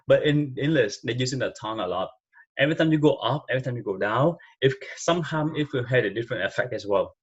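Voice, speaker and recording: A man's voice: medium pitch, lively intonation, fast talker, husky, dull audio. A man with a Vietnamese accent, a native Vietnamese speaker, giving speaking tips in loose, rambling casual talk full of fillers. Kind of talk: casual unscripted advice talk.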